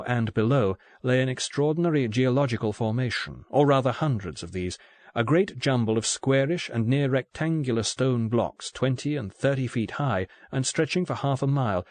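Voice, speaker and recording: A man reads a spy novel aloud in steady scripted narration, keeping an even, measured rhythm. His voice sits at a middle pitch and is recorded close and dry, with no room sound. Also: no echo. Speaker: audiobook narrator.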